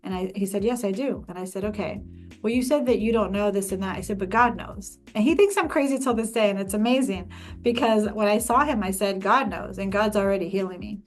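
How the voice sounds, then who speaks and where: A woman host telling a personal story in casual conversation, emphatic and animated, with many restarts. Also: medium pitch, brisk, faint music behind. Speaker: podcast host.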